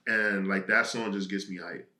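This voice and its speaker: Animated young man in an echoey room. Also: low-pitched, normal speed. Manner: animated storytelling, acts out friends' voices. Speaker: podcast co-host. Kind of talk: casual chat.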